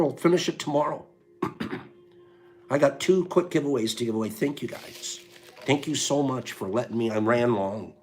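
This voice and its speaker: A man hosting a live stream in a casual chat, reading viewers' names and their answers aloud. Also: medium pitch. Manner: reads chat names aloud, rattles off lists.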